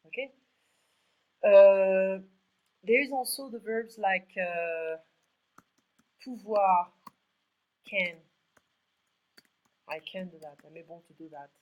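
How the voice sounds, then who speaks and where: A woman's voice: mid-range voice, slow pace, pauses often, lo-fi sound. A woman with a French accent, a native French speaker, giving a one-to-one French lesson over a video call. She drills verb forms aloud and explains them in English. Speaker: French tutor.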